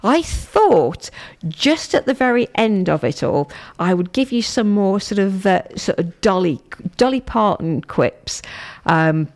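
Gravelly, lively woman radio host. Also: medium pitch, unhurried. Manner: chatty, rambling, repeats herself and restarts often. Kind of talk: casual radio chat. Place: radio studio.

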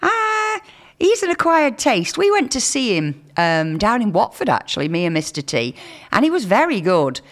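A woman's voice: on the high side, huge pitch swings, moderate pace. A woman hosting a local radio show in England, chatting casually and reading out listener texts. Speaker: radio presenter.

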